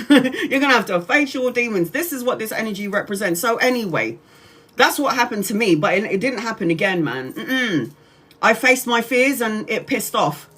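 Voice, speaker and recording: A woman's voice: on the high side, lively intonation, moderate pace, fairly bright tone, slightly rough. A woman, chatting casually on a tarot livestream, swearing freely and laughing often. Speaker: tarot reader.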